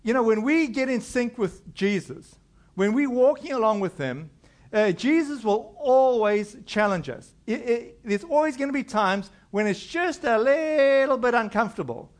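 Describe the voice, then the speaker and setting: A man's voice: very high voice, lively intonation, moderate pace. A middle-aged male pastor preaching a conversational sermon, acting out quoted voices as he goes.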